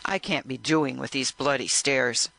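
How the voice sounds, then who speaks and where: A man reading an audiobook, voicing a tipsy man who talks in a gruff, offhand way. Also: mid-range voice, measured pace, sharp tone, full character voice. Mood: brusque. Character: tipsy man, blunt and evasive.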